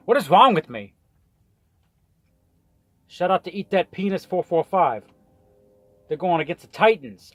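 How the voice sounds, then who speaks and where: A man's voice: on the high side, sing-song, a little slow, long pauses, a bit bright, no room sound. A man casually ranting and rambling through his weekly football picks, swearing often and tripping over his words. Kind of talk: casual rant. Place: in a truck on the road.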